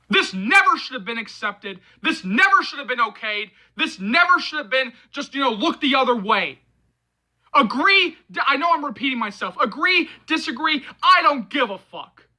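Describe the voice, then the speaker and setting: A man hosting a movie channel, hoarse from yelling, delivering a heated, repetitive and profane vlog rant to his viewers. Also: very high-pitched, poor audio.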